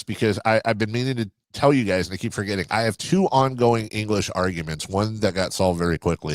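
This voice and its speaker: A man co-hosting a sports radio show, bantering in an animated, emphatic way. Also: deep voice, dry recording. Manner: animated, quick to jump in, emphatic. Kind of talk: casual studio banter.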